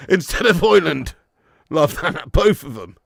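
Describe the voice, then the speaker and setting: A man's voice: on the high side, huge pitch swings, slow pace, gravelly, breathy edge, no echo, studio quality. A man hosting a live football watch-along from his garage, chatting casually with viewers, swearing freely and reading out the chat between bits of match commentary. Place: home garage used as storage room.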